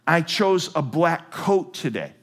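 A man preaching a sermon to a church congregation, animated and jokey. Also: a little high, slow pace. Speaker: pastor. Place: large church with balcony.

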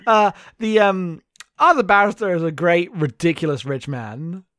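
A co-host in loose film-discussion chat. The voice swings widely in pitch, and the speaker laughs often while recounting scenes. The sound is dry and close. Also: normal speed, dry recording. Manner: animated, laughs a lot, acts out lines from scenes.

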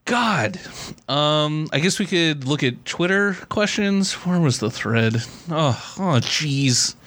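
A young man hosting a podcast, with a flat General American accent tinged with Southern California, chatting casually, laughing often and saying "like" constantly. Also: a little high, takes it slowly. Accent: General American with a Southern California lilt. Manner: rambling, laughs often, heavy use of "like". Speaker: podcast host. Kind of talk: casual chat.

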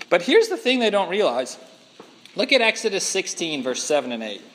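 A man teaching a Bible class in an animated way, laughing often and acting out the people he quotes. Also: high-pitched, normal speed, long pauses. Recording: long hall reverb.

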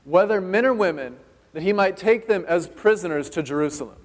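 A male pastor from California reads Scripture and preaches at a quick clip, breaking off into chatty asides along the way. His voice sits a little higher than most men's. It carries a long hall reverb, as if the sermon was recorded in a large church sanctuary. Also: expressive. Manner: fast-talking, conversational asides while reading.

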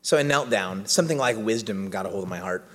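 A man's voice: fairly low pitch, expressive, fast. A man preaching casually to a congregation, telling a family story with humor and asking the room questions. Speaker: pastor. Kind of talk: sermon with audience interaction. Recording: hall reverb.

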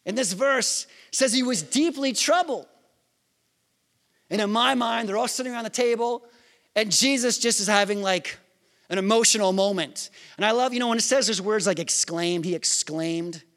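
This pastor's voice sits high, with a fairly bright tone and a moderate pace. He preaches conversationally, putting questions to his listeners and acting out scenes from scripture.

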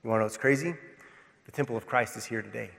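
A man's voice: medium pitch, fast talker, vocal fry. Man preaching in a reverberant hall. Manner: passionate preaching, swings from loud to hushed. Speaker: pastor. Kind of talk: sermon. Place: church sanctuary.

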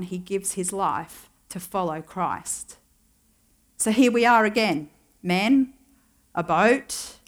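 A woman giving a sermon in a conversational, storytelling way, wondering aloud and adding wry asides. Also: mid-range voice. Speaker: preacher.

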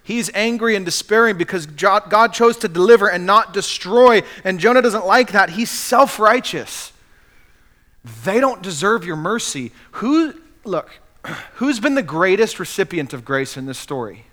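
A man's voice: high voice, lively intonation, moderate pace, sharp tone. A man preaching a sermon as pastor, earnestly acting out the quotes he cites.

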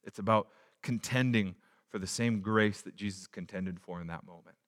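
A man preaching a sermon in a conversational way, asking the congregation rhetorical questions and dropping his voice low for emphasis. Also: steady tone, normal speed. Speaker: pastor.

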